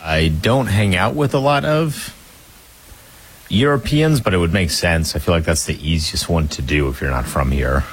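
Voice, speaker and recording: A male sports radio co-host with a low voice. He speaks in a measured, dry way, pauses to pick his words, and sounds calm next to the main host. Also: breathy edge.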